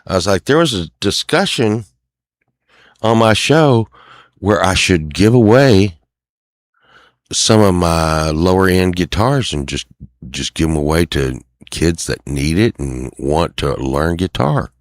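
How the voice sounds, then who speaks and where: Low-voiced man venting casually. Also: lively intonation, slow pace, dry recording, clean studio sound. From Texas. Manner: rambling, venting, acts out other people's lines; sings a few lines softly. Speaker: show host. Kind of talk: casual rambling monologue.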